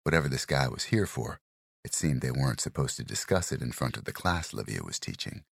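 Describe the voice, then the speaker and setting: A man narrating a crime thriller audiobook in a measured, even storytelling manner. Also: rumbling low, vocal fry, slightly rough, no room sound, clean studio sound.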